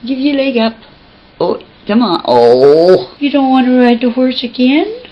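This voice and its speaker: A woman's voice: sits high, very animated, unhurried, lo-fi sound. A woman filming her pet at home on a handheld camcorder, coaxing and praising it in cooing baby talk. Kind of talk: home video chat with a pet.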